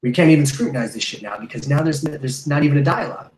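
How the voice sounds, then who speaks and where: Male podcast host, heated profane ranter, slightly high pitch, roomy echoey sound. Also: racing, a little mellow. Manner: profane, heated, rambling with restarts. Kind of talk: casual rant.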